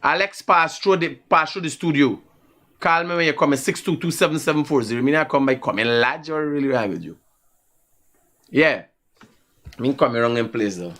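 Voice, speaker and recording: A Guyanese-accented man's voice, on the high side and at a moderate pace, carries a live talk show he's hosting. He shares stories casually and animatedly, laughing frequently.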